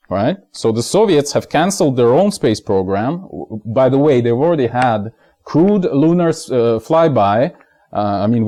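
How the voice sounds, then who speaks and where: A man's voice: medium pitch, dark tone. Man in a rambling spoken monologue. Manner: rambling, frequent fillers and asides to viewers. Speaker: video essayist. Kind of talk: casual explanatory monologue.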